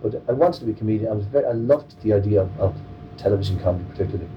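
Irish man, comedian guest, low voice, rambling jokey talk, distant mic, faint noise. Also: rapid-fire, dull audio. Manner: joking, rambling with many restarts. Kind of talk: interview.

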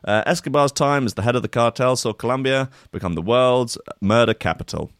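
A man's voice: medium pitch, brisk, no room sound, clean studio sound. A man hosting a show, reading out a news story and mocking it with sarcastic, swearing asides. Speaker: radio show host. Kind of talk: casual comedic news chat.

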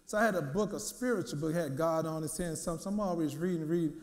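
Male minister, high voice, lively storytelling sermon with lots of repetition. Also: fast talker, roomy sound. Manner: lively storytelling, repeats words, acts out quotes. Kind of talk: sermon with personal testimony.

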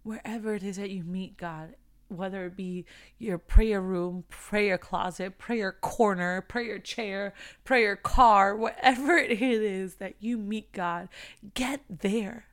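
A woman's voice: medium pitch, slow, fairly bright tone. A woman giving a heartfelt devotional talk, earnest and repetitive, building in intensity as she speaks.

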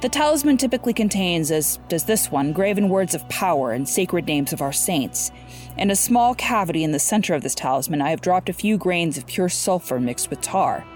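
A woman voicing a respectful, cautious male sorcerer, speaking in a measured, deferential way. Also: lowish voice, lively intonation, a little mellow, soft background music, close to an everyday voice.

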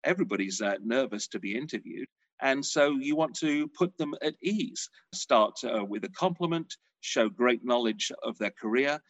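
A middle-aged man talks as a showbiz journalist guest, chatty and animated as he tells stories. His voice sits in a middle pitch. The recording is dry, with no room sound. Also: moderate pace, no echo, low-quality recording. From England. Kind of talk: casual interview chat.

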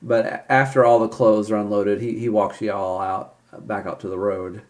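A man narrating a tabletop game as game master, relaxed and often chuckling. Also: fairly low pitch, normal speed.

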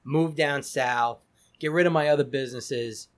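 A man's voice: mid-range voice, moderate pace. A middle-aged man, a cigar company founder chatting as a podcast guest, rambling with many restarts and repeated words. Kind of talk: casual podcast interview.

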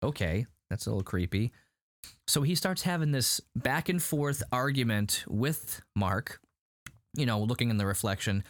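A man hosting a casual chat, recapping a show in an animated, rambling way full of "like". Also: mid-range voice, normal speed, dry recording. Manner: animated, rambling, heavy use of "like". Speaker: podcast host recapping a show.

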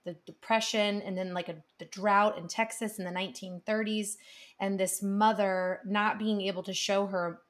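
A woman's voice: medium pitch, fairly even intonation, normal speed. A woman in her thirties or forties, co-hosting a podcast, telling stories in an earnest, rambling way. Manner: earnest, rambling storytelling with restarts. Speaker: podcast co-host. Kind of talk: casual chat.

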